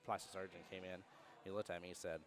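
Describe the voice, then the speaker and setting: A man with a low, deep voice runs casual pool commentary at a brisk clip. He rambles through stories, restarting his sentences often, and sounds relaxed and chatty on a booth headset. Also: over music. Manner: rambling storyteller, many restarts.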